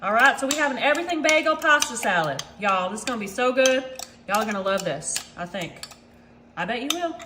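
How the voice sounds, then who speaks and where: In an echoey kitchen full of clattering dishes, a woman hosts a casual home cooking demonstration for her channel. She speaks briskly in a slightly high voice with lively intonation, calling viewers y'all over some background noise.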